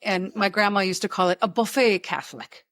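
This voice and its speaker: A woman's voice: mid-range voice, a little fast, fairly bright tone, dry recording. Chatty woman podcast host, dry close sound. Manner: chatty, storytelling with asides and impressions. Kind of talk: casual chat.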